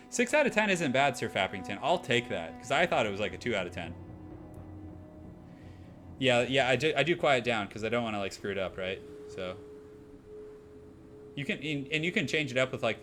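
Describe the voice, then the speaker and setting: A man's voice: fairly low pitch, a bit bright. Young guy doing a nasal fake aussie accent on a game stream, rambly and upbeat, music going behind. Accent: put-on Australian. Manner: chatty, upbeat, rambling with fillers. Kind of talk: casual live-stream gameplay chat.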